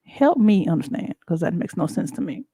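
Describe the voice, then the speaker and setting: A woman hosting a show, talking in a casual, animated and emphatic way with frequent laughs. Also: on the low side, fairly quick, slightly rough, no echo. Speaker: show host. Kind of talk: casual talk-show monologue.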